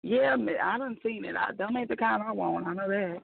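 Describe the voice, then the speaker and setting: A woman's voice: medium pitch, a little fast, gravelly, slight background noise. A woman guest talking on a radio chat show, outspoken, blunt and emphatic, with plenty of slang. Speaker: guest author. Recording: tinny phone line.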